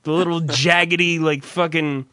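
A man's voice: a little high, fairly even intonation, normal speed, bright, forceful tone, dry recording, studio quality. A man hosting a radio show, ranting bluntly in casual chat, swearing constantly and stumbling through restarts.

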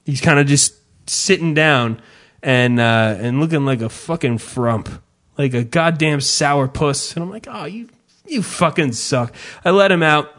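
Brief: casual male podcast host, slightly high voice, swears a lot, self-mocking storyteller. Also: unhurried. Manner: profane, self-mocking storyteller who yells his own quotes.

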